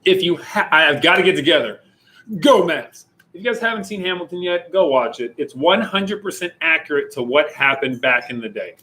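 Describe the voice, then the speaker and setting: A man's voice: a little high, lively intonation, a little fast, bright, forceful tone, low-quality recording. A young man and youth pastor chatting casually and jokingly with viewers on a livestream. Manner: jokey, playful, chatty with viewers.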